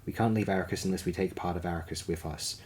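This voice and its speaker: A man's voice: deep voice, steady tone, fast talker, a little mellow, slight background noise, natural voice. A man reading an audiobook, voicing a young male noble heir who speaks with hard, bitter command. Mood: grim.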